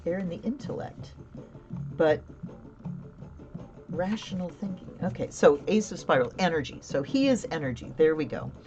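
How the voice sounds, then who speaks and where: Low-pitched woman, chatty tarot livestream host, dull lo-fi audio, music playing behind. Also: lively intonation, normal speed, long pauses. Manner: chatty, laughing often, answering viewer comments. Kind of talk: casual live tarot reading.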